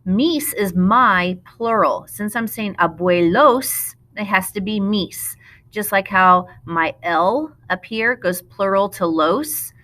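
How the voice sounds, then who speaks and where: A woman, a Spanish teacher, talking through a recorded lesson in a patient, explanatory way. She slows down to model the Spanish words. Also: medium pitch, a bit bright. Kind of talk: recorded classroom lesson narration.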